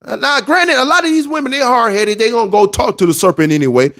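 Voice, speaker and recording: A man's voice: very high voice, animated, fast, a bit bright. Emphatic man preaching relationship advice. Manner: emphatic, repetitive, street-preacher cadence. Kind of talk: preachy monologue to men.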